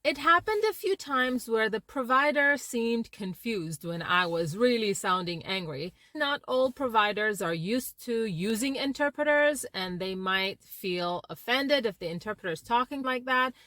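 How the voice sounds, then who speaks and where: A woman's voice: on the high side, unhurried, hardly any pauses, dry recording. A woman who works as an interpreter gives an educational talk to camera, changing her tone to show her points. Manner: expressive, shifts tone to illustrate points. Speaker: interpreter and language teacher.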